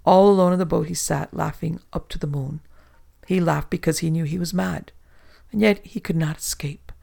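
A man narrating a horror story dramatically, dropping into hushed whispers for suspense. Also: fairly high pitch, fairly even intonation, normal speed, vocal fry.

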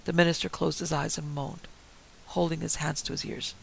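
A man narrating a story in a steady, theatrical manner. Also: a little high, moderate pace, gravelly, rough recording. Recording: faint hiss.

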